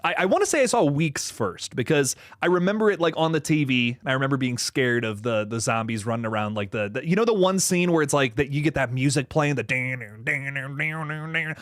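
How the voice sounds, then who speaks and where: A man hosts a laid-back livestream in a mid-range voice, animatedly rambling through viewer comments with frequent swearing and lots of laughter. No room sound is audible.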